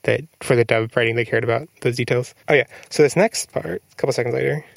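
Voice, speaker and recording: A man's voice: medium pitch, quick pace, gravelly, dry recording. A man hosting a casual podcast chat, rambling and interrupting himself as he goes. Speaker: podcast host.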